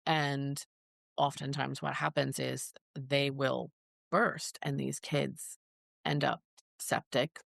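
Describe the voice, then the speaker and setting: In a bass voice with vocal fry, little pitch movement and a fairly bright tone, a podcast guest speaks slowly about raising a child with a rare disease. Earnest and casual, she voices the dialogue she recalls. The sound is studio quality with no room sound.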